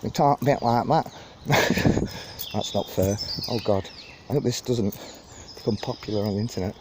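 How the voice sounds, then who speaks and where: A man's voice: on the low side, moderate pace, background noise. A man gives a rambling, chatty walking tour of a park, talking into a phone and laughing at his own jokes. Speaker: vlogger giving a park tour. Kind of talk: casual walking tour narration. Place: outdoors in a city park. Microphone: phone held while walking.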